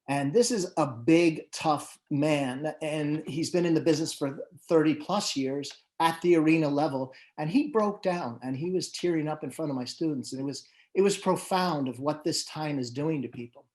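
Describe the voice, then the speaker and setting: A man's voice: fairly high pitch, normal speed, a little mellow. A man who manages musicians, moderating a panel and telling anecdotes in a loose, conversational way with many fillers and restarts. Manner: storytelling, with frequent fillers and restarts.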